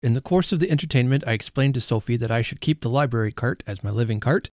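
A man hosting a podcast reads a classic story aloud in the first person, with expressive, deliberate storytelling. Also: medium pitch, no room sound, clean studio sound. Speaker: podcast host reading a story.

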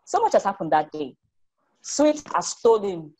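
Animated woman reading a story to children. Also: mid-range voice, unhurried, breathy edge, low-quality recording. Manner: animated, asks the children questions.

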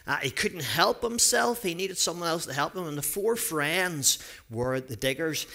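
A man giving a children's talk in a church service, telling a story with lively character voices. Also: a little high, moderate pace, creaky.

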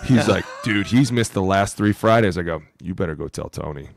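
Gravelly-voiced man telling locker-room stories. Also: low voice, expressive, brisk, slight background noise. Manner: profane, emphatic storytelling. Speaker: podcast co-host, former NFL lineman. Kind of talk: casual chat.

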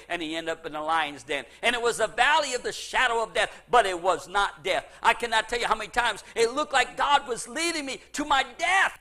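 A middle-aged male pastor preaching a sermon emphatically, repeating phrases and swinging from loud to hushed. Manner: emphatic preaching with sweeping pitch swings, repetition. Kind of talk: evangelical sermon.

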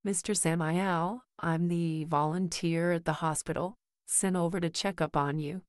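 A polite young man volunteering at a hospital, voiced by a woman narrator in a voice close to her own. He speaks quietly and hesitantly in a low voice. His pace is slow and careful. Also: steady tone, dry recording, natural voice. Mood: nervous, polite.

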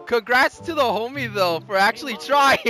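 A young man giving live commentary on his own gameplay, excitable, laughing and shouting often, switching between Spanish and English exclamations. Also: very high-pitched. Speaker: gaming YouTuber.

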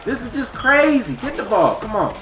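Excitable young man yelling at a game. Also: very high voice, moderate pace. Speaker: gaming YouTuber. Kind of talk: live gameplay commentary. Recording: roomy sound with loud game music.

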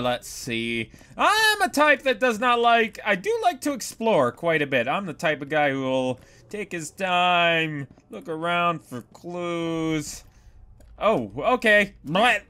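Jumpy, high-pitched horror gamer man. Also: clear, resonant tone. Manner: jumpy, loud exclamations and cursing; swings between shouting and muttering. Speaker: gaming YouTuber. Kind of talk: horror game let's play commentary.

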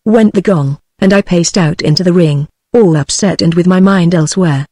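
A text-to-speech voice of a woman with a British accent, reading a novel aloud with an even, synthetic delivery. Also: lowish voice, moderate pace, no room sound, clean studio sound. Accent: British English. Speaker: audiobook narrator.

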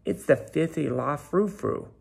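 A man's voice: a little high, lively intonation, measured pace, vocal fry, noisy background, heavily acted. A man doing a snooty spoiled show pony. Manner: sneering, bragging.

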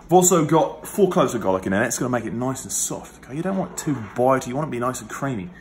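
A man's voice: medium pitch, animated, fast talker, close to an everyday voice. A man playing a jolly, bumbling male innkeeper doing a comic cooking tutorial, chummy and rambling, calling everyone mate and love, in a home kitchen. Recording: echoey kitchen with background noise.

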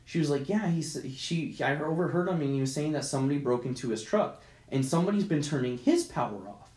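A man's voice: fairly high pitch, fast talker. Swearing man telling a story, roomy sound. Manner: profane, animated retelling with acted-out quotes. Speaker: podcast co-host. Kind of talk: casual chat, storytelling. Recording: roomy echo.

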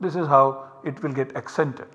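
A man with an Indian English accent gives a university lecture, explaining each step in a measured way and pointing to examples on a slide. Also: mid-range voice, steady tone, a bit bright, lo-fi sound. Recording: lecture recorded with long reverb.

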